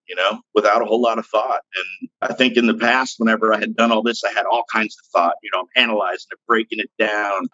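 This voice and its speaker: A man's voice: medium pitch, a bit bright, no room sound, lo-fi sound. A man in his fifties, a podcast guest, telling his own story in a blunt, frank, plainspoken way with casual slang. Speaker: podcast guest, recovery interventionist. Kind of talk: candid personal storytelling.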